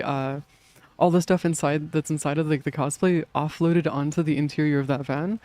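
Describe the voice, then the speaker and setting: A man's voice: a little high, darkish tone. Rambling young man streaming a game. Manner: rambling, laughing, swears often, many fillers. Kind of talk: casual gaming stream chat.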